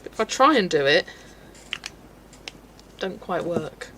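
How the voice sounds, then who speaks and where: A woman's voice: fairly low pitch, expressive, takes it slowly, noisy background. A woman from England's West Country, chatting casually and laughing often as she reads out viewer comments while colouring on a livestream. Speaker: livestream host.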